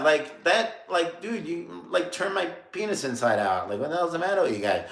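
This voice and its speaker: A man's voice: on the high side, moderate pace, few pauses, fairly bright tone. A man in his late thirties from New York, telling a story on a casual livestream, rambling with lots of fillers and laughing at himself. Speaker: streamer. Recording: roomy echo.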